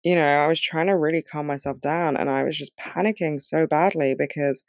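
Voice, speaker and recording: A man who has just woken up, his voice rough and scratchy, chatting candidly to his viewers about his week. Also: fairly high pitch, a little mellow, no room sound, clean studio sound. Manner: candid, confessional, chatty with "like" fillers. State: groggy, just woke up. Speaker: vlogger. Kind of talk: casual chat to camera.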